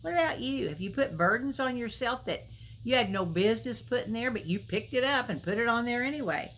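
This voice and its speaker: A woman's voice: fairly high pitch, expressive, a little fast, fairly bright tone, slight background noise, rough recording. A middle-aged woman giving a devotional talk to camera in a folksy, storytelling way, with emphatic questions to the viewer. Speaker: Christian video minister.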